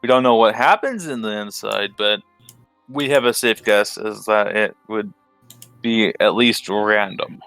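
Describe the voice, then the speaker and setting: A man narrating as game master, halting and thinking aloud as he explains a plan. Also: lowish voice, fairly bright tone, no room sound, soft background music.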